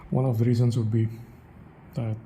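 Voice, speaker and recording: A man's voice: medium pitch, level tone, moderate pace, mellow, slight background noise. A man rambling in a solo vlog monologue, asking himself questions and correcting his own word choices. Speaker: vlogger.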